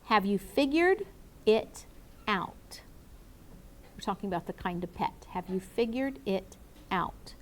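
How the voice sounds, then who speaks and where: A woman's voice: medium pitch, animated, slow, long pauses. A woman teacher leading a grammar review with her class, patiently asking questions and calling on students by name. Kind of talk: classroom lesson to students and viewers.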